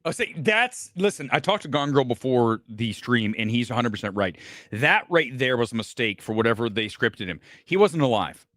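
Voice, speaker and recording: A middle-aged man from Ohio who hosts a film show, giving casual, profane livestream commentary and swinging between loud outbursts and low asides. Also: sing-song, moderate pace, no echo, studio quality. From Ohio, USA. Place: home studio, speaking to a laptop.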